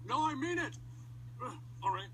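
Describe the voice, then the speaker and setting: Men voicing cranky old male puppet hecklers who trade sarcastic insults and bad puns in a creaky, cackling voice. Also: very high voice, a bit bright, a little hiss or hum, exaggerated voice, rough recording. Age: older.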